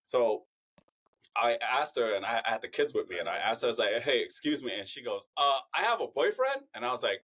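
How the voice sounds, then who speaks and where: A man's voice: mid-range voice, quick pace, a bit bright. A man in his thirties, a podcast co-host telling funny stories in casual chat, laughing often.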